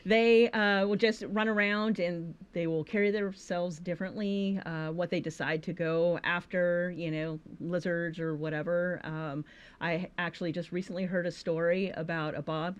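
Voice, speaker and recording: A woman's voice: fairly low pitch, steady tone, normal speed, smooth, muffled recording. A woman who runs a state park, speaking enthusiastically and emphatically in a casual interview.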